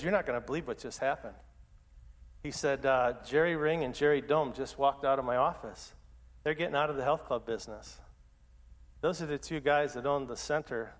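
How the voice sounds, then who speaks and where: A middle-aged man telling his testimony as a story, lively and acting out his own past words. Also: mid-range voice, big-room sound. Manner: animated, acts out his own past lines.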